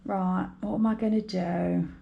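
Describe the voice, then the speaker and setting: A woman's voice: fairly low pitch, steady tone, unhurried, gravelly, highs cut off, a little hiss or hum. A British woman chatting casually to camera while budgeting, rambling and talking to herself. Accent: British English. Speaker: budgeting vlogger. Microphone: overhead camera mic.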